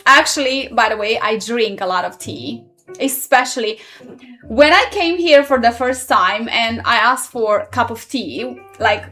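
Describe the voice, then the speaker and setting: A woman's voice: fairly high pitch, measured pace, pushed and bright, soft background music. A woman in her thirties, not a native English speaker, chatting casually on a live stream and answering viewer comments. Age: 30s.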